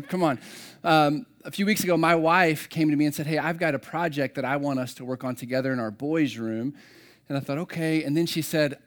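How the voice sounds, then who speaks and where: A man in his thirties, a campus pastor, telling a funny, self-deprecating story to open his sermon. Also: a little high. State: slightly out of breath at start. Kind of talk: humorous sermon opening.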